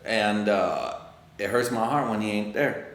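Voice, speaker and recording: A man hosting a podcast, rambling through a casual, profane solo monologue that swings from loud excitement to low muttering. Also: a little slow, echoey room. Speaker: podcast host.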